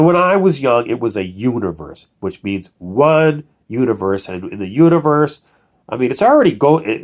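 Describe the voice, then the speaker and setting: A man's voice: medium pitch, a little mellow. A man, a producer, talking in a casual, digressive monologue full of fillers and lost threads. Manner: digressive, loses his train of thought, many fillers.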